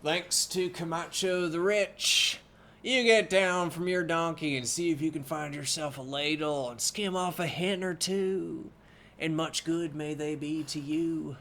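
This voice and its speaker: A man's voice: a little high, unhurried, a bit bright. A man voicing a generous, jovial male cook at a wedding feast, hearty and boisterous.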